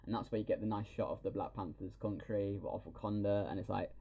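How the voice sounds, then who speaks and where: A man hosting a podcast, excitedly retelling a film scene by scene with plenty of swearing. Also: on the low side, fast, creaky, hardly any pauses, muffled recording. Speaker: podcast host. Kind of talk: casual film review chat.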